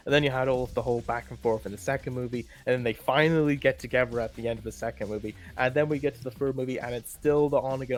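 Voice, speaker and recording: A man chatting casually and rambling as he ranks films, with many restarts and fillers. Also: medium pitch. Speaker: co-host ranking films. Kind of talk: casual opinionated chat.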